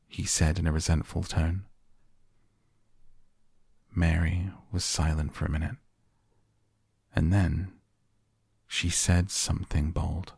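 A man narrating a bedtime story in a slow, hushed and gentle way. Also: deep voice, flat delivery, vocal fry, slightly rough, no room sound, studio quality. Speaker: audiobook narrator. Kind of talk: soft bedtime story reading.

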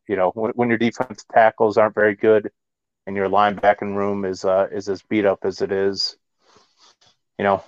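A man hosting a casual sports talk show, measured and thoughtful. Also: fairly low pitch, dry recording, dull audio. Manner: measured, with fillers. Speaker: podcast host.

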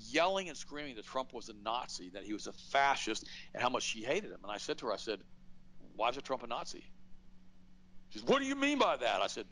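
Middle-aged male talk host, blunt and animated, mid-pitched voice. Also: vocal fry, husky, low-quality recording. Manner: emphatic, animated, blunt storytelling with acted-out quotes. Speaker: radio show host. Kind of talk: political commentary, conversational monologue.

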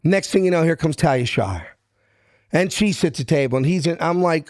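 A man's voice: a little high, lively intonation, brisk, darkish tone, no echo, clean studio sound. A middle-aged man from South Philadelphia with a Philly accent, telling a story and acting out each person in it in street-smart talk. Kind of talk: animated storytelling.

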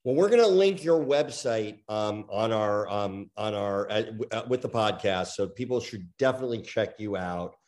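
A man's voice: on the low side, animated, moderate pace, hardly any pauses, darkish tone. A man co-hosting a podcast who jokes around and hesitates with fillers. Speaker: podcast co-host. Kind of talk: casual podcast chat.

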